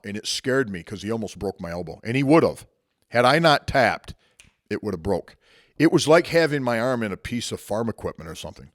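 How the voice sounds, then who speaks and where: A man's voice: lowish voice, no room sound, clean studio sound. A man telling a personal martial arts story as a motivational talk, conversational and reflective with frequent restarts.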